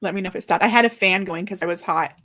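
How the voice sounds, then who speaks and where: Hosting her own book launch on a livestream, a woman in her forties races through casual, excited chatter, sounding slightly flustered. She has a medium-pitched voice.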